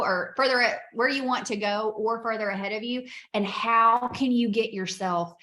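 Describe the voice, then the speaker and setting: A woman giving an energetic, emphatic coaching talk over a video call, often laughing. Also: medium pitch. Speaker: guest speaker, business coach.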